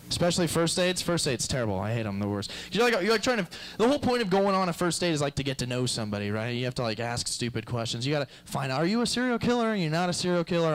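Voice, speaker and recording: A man's voice: medium pitch, a little hiss or hum, low-quality recording. A young man doing a stand-up comedy set, rambling and crude with self-deprecating asides.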